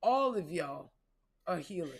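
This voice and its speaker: A woman's voice: lowish voice, very animated, measured pace, crowd noise. A woman giving a casual spiritual reading, profane, playful and preachy. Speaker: spiritual reader.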